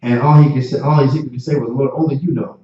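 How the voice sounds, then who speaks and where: A man's voice: mid-range voice, steady tone, fast talker, warm tone. Man, teacher-preacher, fervent and repetitive; distant, roomy lo-fi sound. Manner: impassioned, repetitive, stammering restarts. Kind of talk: street-preaching class sermon. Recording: distant, echoey, dull lo-fi.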